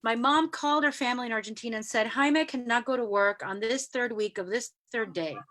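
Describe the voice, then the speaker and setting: A woman from New York City, a guest in an interview, who tells stories in a lively way and acts out the voices she quotes. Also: a little high, fairly quick. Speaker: guest sharing spiritual experiences. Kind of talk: casual storytelling interview.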